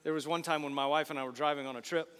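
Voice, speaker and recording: A man's voice: a little high, racing, clear, resonant tone, in a large hall. A man preaching a sermon in a church, telling stories animatedly and speaking directly to the congregation. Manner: animated storytelling with asides to the congregation. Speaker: pastor. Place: church sanctuary.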